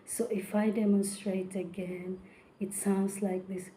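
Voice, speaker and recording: A woman talks through a singing technique in a slow, hesitant way, pausing often with fillers and restarting her sentences. Her voice is very mellow and dark and stays almost flat in pitch, with some phrases dropping to a breathy whisper. Faint noise sits underneath the recording. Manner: halting, many fillers and restarts, partly whispered. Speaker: vocal technique presenter. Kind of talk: casual spoken tutorial.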